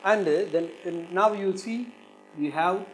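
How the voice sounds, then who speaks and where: A man with an Indian English accent teaches pronunciation in a recorded exam-prep lesson. His voice sits a little high, and he says each word over and over, lifting the stressed syllable. A faint hum runs under his speech. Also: unhurried, rough recording. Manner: drills words by repeating them several times, stressing syllables.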